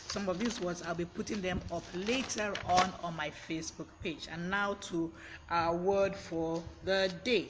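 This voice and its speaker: A man with a high voice gives a chatty vocabulary lesson on a live stream, greeting viewers by name and laughing often. The background is noisy, with a fan blowing.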